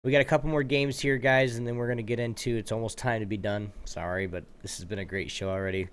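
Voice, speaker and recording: A man's voice: lowish voice, steady tone, fast talker, smooth. A man hosting a round-table gaming show, moderating loosely with many fillers. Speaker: host.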